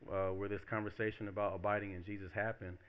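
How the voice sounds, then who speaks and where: A man preaching a relaxed, conversational sermon as pastor, acting out quoted voices as he talks. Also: fairly low pitch, fast, clean tone, highs cut off. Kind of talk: casual sermon.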